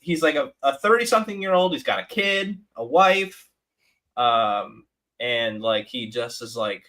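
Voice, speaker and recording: A man's voice: medium pitch, lively intonation, a little slow, pushed and bright, rough recording. A man co-hosting a live stream, telling a story in casual chat with lots of restarts and fillers. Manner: rambling storyteller, many restarts and "like"s.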